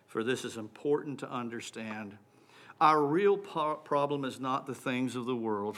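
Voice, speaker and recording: A man's voice: medium pitch, fairly bright tone. A man preaching a sermon, emphatic and building to exclamations.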